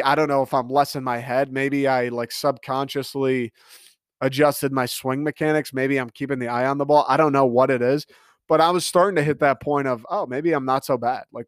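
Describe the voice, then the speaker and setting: A man's voice: on the high side, dry recording, clean studio sound. A man telling a story in a casual comedic rant, exasperated and swearing freely as he talks.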